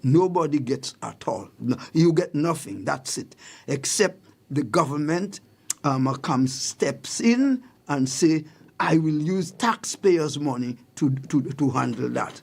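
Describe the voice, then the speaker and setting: Husky, emphatic radio host man. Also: a little high, animated, slow, darkish tone. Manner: emphatic, repeats key points, asks listeners if they follow. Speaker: radio talk show host. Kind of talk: radio commentary on public affairs. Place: radio studio.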